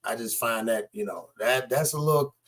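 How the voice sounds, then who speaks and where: A man's voice: medium pitch, moderate pace, a bit bright. A man giving casual, skeptical commentary on news clips, talking straight to his viewers.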